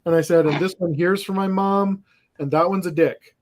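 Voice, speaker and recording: Guy with a kinda high voice rambling through a story on a casual podcast, lots of restarts. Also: fairly even intonation, moderate pace. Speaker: podcast host.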